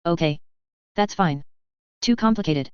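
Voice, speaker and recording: A woman voicing a steady, practical young man giving plans and asking questions in an audiobook, with a low, smooth voice on a dull recording. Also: a little slow, no echo, close to an everyday voice. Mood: gentle questioning. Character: young male leader, calm and practical.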